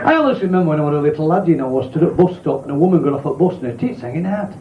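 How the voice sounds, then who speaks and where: A male stand-up comedian with a broad South Yorkshire accent tells earthy club jokes in a chatty storyteller's way. His voice is high and bounces around a lot. The sound is a dull, lo-fi live recording in an echoey room with faint room noise behind. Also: lively intonation, rapid-fire, a faint crowd.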